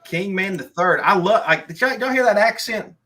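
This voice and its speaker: Male streamer host, casual rambling chat, raised pitch, bright tone. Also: expressive, normal speed. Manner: rambling, with frequent restarts and "like". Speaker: streamer hosting a live call-in.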